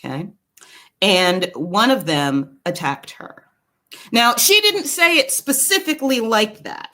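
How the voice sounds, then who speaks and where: A woman from Brooklyn telling a personal story in a casual, digressive monologue, with quick asides to the viewer. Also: medium pitch. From Brooklyn, New York. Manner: animated, swings her voice widely. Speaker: commentary channel host.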